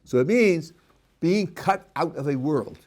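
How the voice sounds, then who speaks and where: A man's voice: fairly high pitch, animated, a little slow, a little mellow. A middle-aged man, a rabbi, teaching a class: he reads a passage aloud and then explains it, with frequent restarts. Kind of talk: text-based lecture.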